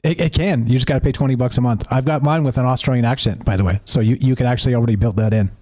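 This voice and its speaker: Mellow-voiced male talk show host. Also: mid-range voice. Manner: easygoing, quick to laugh. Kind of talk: casual chat.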